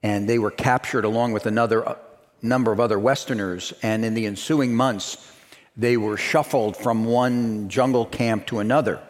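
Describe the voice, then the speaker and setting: A man's voice: lowish voice, fairly even intonation, moderate pace. A man preaching a sermon, telling a story and then building to emphatic, repeated declarations. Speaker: pastor. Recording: reverberant hall.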